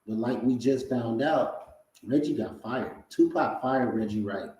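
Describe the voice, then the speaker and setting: A man's voice: medium pitch, measured pace, dark tone. A man hosting a podcast, casually reacting to clips in slangy talk aimed at his listeners. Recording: very echoey room.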